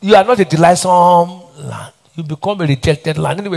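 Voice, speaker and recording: This middle-aged Nigerian man is a pastor preaching in a church hall, his high-pitched voice fairly quick, darkish in tone and touched with vocal fry. Repetition and call-and-response questions to the congregation drive his sermon.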